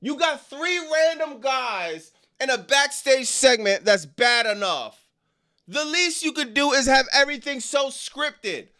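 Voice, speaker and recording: A man with a high, bright voice rants to his stream chat in loose slang. He sounds exasperated and mocking. His sound is smooth and clear. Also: expressive, measured pace. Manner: exasperated, slangy, mocks lines in exaggerated voices. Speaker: wrestling commentary streamer. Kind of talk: casual reaction stream.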